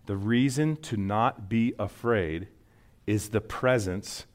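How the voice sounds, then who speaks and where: A man's voice: on the low side, takes it slowly. A man preaching a sermon in an earnest teaching manner, rising sharply on emphatic points. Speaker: pastor.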